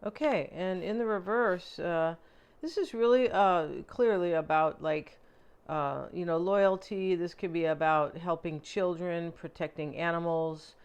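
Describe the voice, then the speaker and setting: A woman's voice: fairly low pitch, unhurried, darkish tone, clean tone, lo-fi sound. Chatty woman rambling through a tarot reading. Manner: chatty, rambling, many fillers and asides. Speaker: tarot reader. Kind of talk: casual tarot reading monologue.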